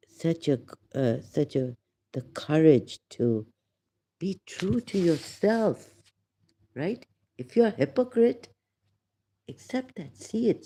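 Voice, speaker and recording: A man hosting a rambling livestream monologue, emphatic and indignant, halting often with fillers. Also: fairly high pitch, mellow. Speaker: channel host.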